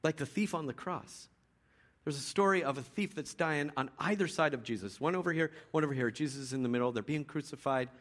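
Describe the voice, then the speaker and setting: Man, pastor, sermon, conversational storytelling, slightly high voice, frequent restarts. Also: brisk, a bit bright.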